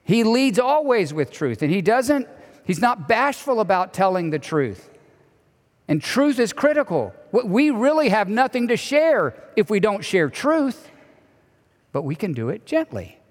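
A man preaching a sermon as pastor, animated, sometimes dropping to a soft hushed voice. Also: high-pitched, measured pace. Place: church sanctuary. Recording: long reverb of a large hall.

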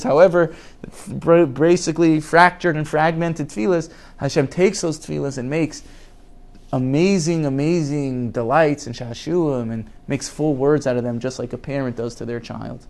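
A man's voice: on the high side, moderate pace, gravelly, darkish tone. A man teaching a Torah class in an earnest way, repeating words for emphasis and reading Hebrew quotes aloud before translating them.

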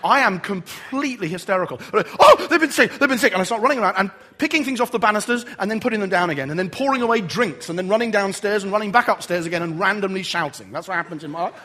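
A man preaching a sermon to a congregation, telling stories about his own family in an animated, humorous, self-deprecating way. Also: sits high, quick pace, few pauses. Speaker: pastor.

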